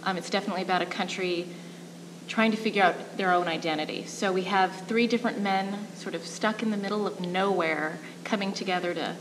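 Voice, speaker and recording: A woman theatre director talking in an interview. She explains thoughtfully, with frequent pauses and fillers. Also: mid-range voice, fairly even intonation, background noise. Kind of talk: casual interview.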